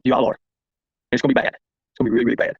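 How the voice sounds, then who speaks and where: A man rattles off a confrontational livestream monologue at a very fast clip. His voice sits at a middling pitch, and the sound is close and dry. The audio is dull and lo-fi. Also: level tone, slightly rough, dry recording. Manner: confrontational, addresses viewers and chat by name. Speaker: livestream host.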